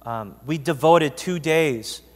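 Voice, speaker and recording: A man's voice: fairly high pitch, slow, big-room sound. A man preaching an earnest, conversational sermon to his congregation and reading scripture aloud. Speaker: pastor. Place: church sanctuary.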